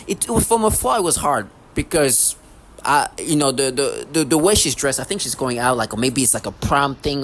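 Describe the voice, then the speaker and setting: A man speaks straight to his camera in a long, agitated ramble. He loops back over the same points, breaks off mid-sentence and swears freely. His voice sits at an ordinary middle pitch, with a faint hiss of noise behind it. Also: a bit bright. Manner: agitated, repetitive, profane, many restarts. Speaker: vlogger.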